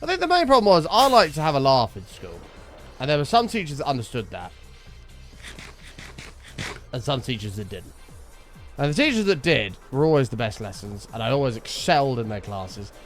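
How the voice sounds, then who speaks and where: A man talking over his gameplay in a loose, rambling way, dropping swear words as he goes. His pitch swings up and down a lot, and faint music plays underneath. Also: sing-song, moderate pace, long pauses. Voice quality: chatty, rambling, sweary storytelling. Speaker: streamer. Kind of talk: casual gameplay chat.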